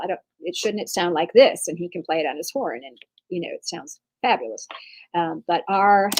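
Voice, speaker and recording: A Texas woman with a fairly low, darkish voice gives an online percussion clinic over poor audio. Her masterclass talk is chatty and reassuring, packed with fillers and restarts.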